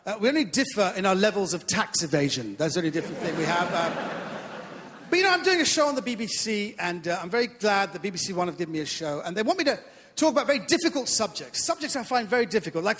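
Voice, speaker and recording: A man's voice: sits high, a bit bright, a little hiss or hum. A man doing stand-up comedy on a theatre stage, chatty and self-mocking. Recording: echoey theatre hall.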